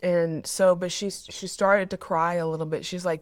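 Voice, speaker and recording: A woman's voice: on the low side, fairly even intonation, normal speed, few pauses, no room sound, clean studio sound. A woman therapist sharing a personal parenting story in a candid, reflective way, often repeating words as she thinks. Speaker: mental health therapist.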